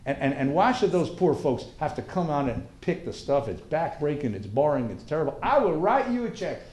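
A man doing a loud, indignant Texan farmer. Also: fairly high pitch, very animated, fairly quick. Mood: wheedling. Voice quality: folksy drawl, calls listener son and boy. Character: blustering Texan farmer, middle-aged man, possessive. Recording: roomy lecture hall.

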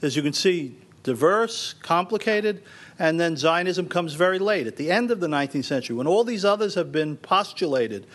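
A man's voice: fairly high pitch, expressive, normal speed, fairly bright tone. A man giving a lecture in an emphatic way, repeating phrases for stress and addressing the audience directly. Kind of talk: university lecture.

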